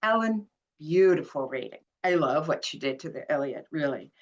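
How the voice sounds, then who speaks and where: A woman's voice: sits low, expressive, moderate pace, highs cut off. A woman poet introducing her poems at a reading, grateful and laughing between phrases. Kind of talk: poetry reading.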